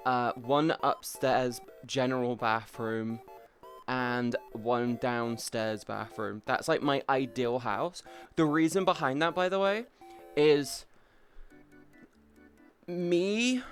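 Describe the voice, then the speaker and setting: A young British man streaming from home, rambling casually and chatting with viewers, now and then swearing. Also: medium pitch. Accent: British English. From Britain. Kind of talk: casual live-stream chat.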